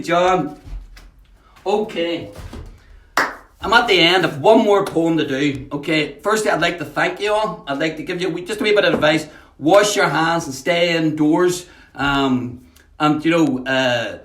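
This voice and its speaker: Poet, chatty livestream host, slightly high voice, echoey room, off-mic. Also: male voice, fairly bright tone. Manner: chatty, greets viewers by name, halting with many fillers. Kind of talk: casual live-stream chat and poetry reading. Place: at home, in a house.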